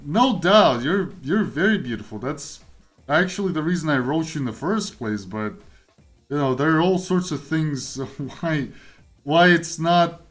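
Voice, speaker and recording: Young man, streamer, unhurried rambling chat, faint music behind. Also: fairly high pitch, expressive. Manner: rambling, self-interrupting, laughs often. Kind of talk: casual chat while coding.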